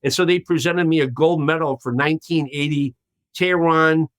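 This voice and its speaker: A man in his sixties, a podcast guest telling a long story in a lively way and acting out the voices of the people in it. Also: a little high, moderate pace, dry recording. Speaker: guest, former hostage.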